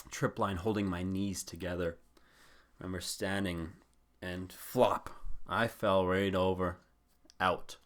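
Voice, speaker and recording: A man's voice: sits low, a bit bright. A young man hosting a podcast, telling a rambling, profane story in a casual chat style. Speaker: podcast host.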